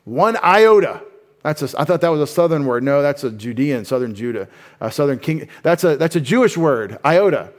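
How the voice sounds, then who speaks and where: A man's voice: mid-range voice, lively intonation, a little fast, darkish tone. A male pastor preaching an expository sermon, talking conversationally with wry asides and frequent self-corrections.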